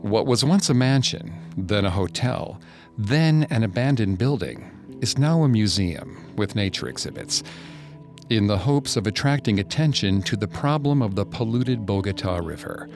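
A man narrating a second-person horror story in a slow, hushed way. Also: lowish voice, animated, music in the background.

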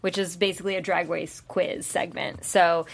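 A woman's voice: on the low side, fairly even intonation, vocal fry. A woman co-hosting a casual TV recap panel, chatty and running the segments. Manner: chatty, runs the segments, quick to laugh. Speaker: podcast co-host.

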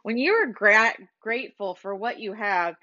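A woman's voice: medium pitch, expressive, moderate pace, sharp tone. Preachy motivational woman, dull lo-fi sound. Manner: preachy, urging, repeats phrases. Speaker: podcast host. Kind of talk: motivational business podcast talk. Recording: slightly dull lo-fi recording.

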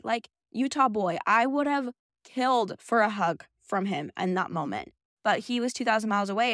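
A woman's voice: mid-range voice, no echo, clean studio sound. A young woman hosting a podcast, telling a personal story in a candid, emotional way, recorded in a small closet. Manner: candid and emotional, quick asides. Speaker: podcast host.

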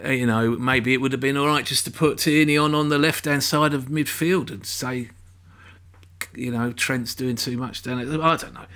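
A middle-aged man in a mid-pitched voice, hosting a relaxed football chat. He rambles, restarts his sentences and adds little asides as he goes. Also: normal speed, clear, resonant tone. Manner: rambling, full of fillers and restarts.

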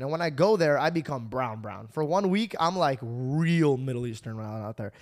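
Young guy hosting a podcast, kinda high voice, excitable and rambling, running on no sleep. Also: moderate pace, few pauses. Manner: excitable, rambling with restarts and laughs. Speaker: podcast host. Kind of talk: casual storytelling chat.

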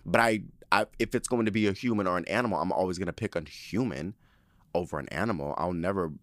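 A man's voice: sits low, quick pace, dry recording, clean studio sound. A man telling a story in a casual monologue, ranting with lots of swearing and frequent laughter. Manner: profane, animated, indignant ranting.

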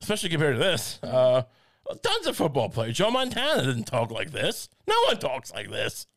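A man's voice: mid-range voice, wildly swooping pitch, normal speed, vocal fry, a bit bright. A man co-hosting a comedy podcast, rambling and stammering through jokes and laughing at his own bits. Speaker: podcast co-host. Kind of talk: casual comedic chat.

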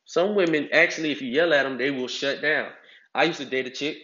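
Animated man talking in an echoey room. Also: medium pitch, fairly quick. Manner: animated, acts out voices with big swings. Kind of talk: casual advice talk. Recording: echoey, slightly dull sound.

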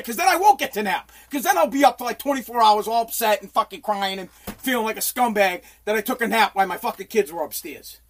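A middle-aged man from the United States in his home basement, ranting on a casual livestream in a profane, exasperated, pleading way. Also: very high voice. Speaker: livestream host.

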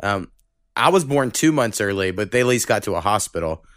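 A man's voice: lowish voice, expressive, fairly quick, a bit bright, no echo, studio quality. A man chatting casually on a podcast, laid-back and easygoing. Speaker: podcast co-host. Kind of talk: casual chat.

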